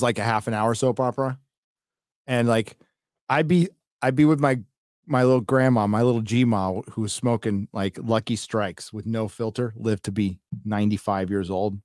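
A man's voice: medium pitch, no echo, clean studio sound. A middle-aged man hosting a live stream, chatting casually and reading out donations in a rambling, profane way. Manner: rambling, profane, with many fillers.

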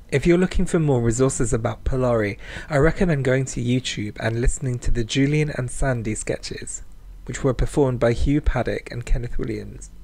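A man's voice: mid-range voice, creaky, a little mellow. A man hosting a playful slang language lesson as a podcast, with a camp, sing-song and cheeky delivery. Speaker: language teacher, podcast host.

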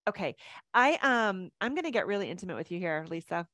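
A woman in her fifties, a mindset coach, giving an animated, chatty webinar talk over a video call and laughing easily. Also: medium pitch, brisk, no echo.

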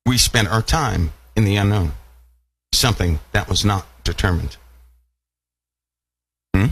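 A man's voice: on the low side, measured pace, pauses often, fairly bright tone, husky. A man preaching a sermon, asking his listeners rhetorical questions and repeating phrases for emphasis.

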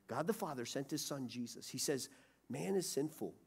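A middle-aged man preaching a sermon, swinging from loud urgency to hushed pleading. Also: mid-range voice, expressive, normal speed, gravelly, breathy edge. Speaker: pastor. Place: church sanctuary.

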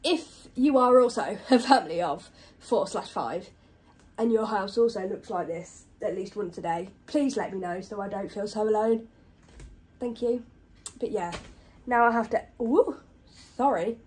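A woman's voice: mid-range voice, a little slow, darkish tone, husky. A young British woman chatting casually in a home vlog, out of breath and talking to her pets. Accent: British English. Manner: chatty, talks to pets in baby voice. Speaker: vlogger. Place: home kitchen. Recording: noisy home recording. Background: washing machine and tumble dryer running.

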